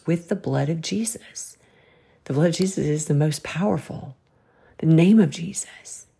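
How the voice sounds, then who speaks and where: A woman with a Southern drawl hosts a faith-based encouragement talk in a folksy, exhorting way. Her voice is low and mellow, with a husky grain. She sounds gravelly at the bottom of her range. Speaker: podcast host.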